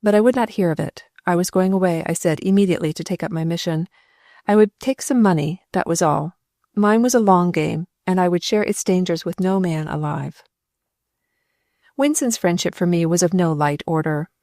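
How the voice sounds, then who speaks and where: A woman narrating a first-person novel as an audiobook, in a steady, measured read on a close microphone. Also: lowish voice, no room sound.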